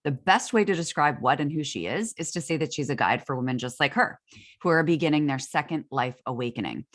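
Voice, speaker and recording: Woman, host, low voice from a cold, bubbly and gushing, video call. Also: expressive, fairly quick. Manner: bubbly, effusive. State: has a cold, voice lowered. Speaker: podcast host. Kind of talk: casual interview chat.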